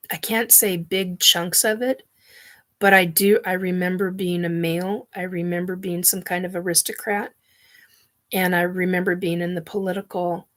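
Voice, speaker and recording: A woman hosting her own show, talking in a halting, earnest way as she searches for words. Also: on the low side, fairly bright tone. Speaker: show host. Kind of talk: personal monologue.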